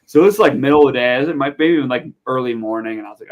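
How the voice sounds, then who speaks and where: Young adult man, podcast guest; animated, rambling storyteller, mid pitch. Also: very fast, highs cut off. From Montana, USA. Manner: animated, chatty, lots of fillers. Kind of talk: casual storytelling.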